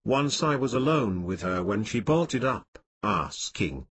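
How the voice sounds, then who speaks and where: A man's voice: fairly low pitch, expressive, measured pace, fairly bright tone, breathy edge. A man reading a first-person story as scripted audiobook narration. He reads the page numbers and headers aloud along with the text.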